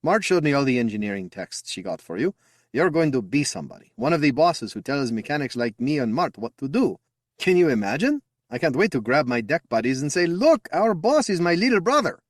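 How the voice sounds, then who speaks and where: A man's voice: medium pitch, sing-song, brisk, dry recording, pitched above the performer's own voice. Guy reading as a chatty proud older brother, bouncy voice, dry close sound. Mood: eager. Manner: upbeat, chatty and affectionate. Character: eager, boastful young man, proud older brother.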